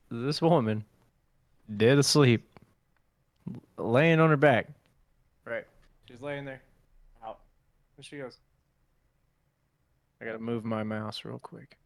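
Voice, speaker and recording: A man's voice: mid-range voice, smooth, no room sound. A young man co-hosting a podcast, telling funny stories casually, acting out quotes and swearing freely. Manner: animated storyteller, acts out quotes, swears freely. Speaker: podcast co-host. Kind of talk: casual storytelling chat.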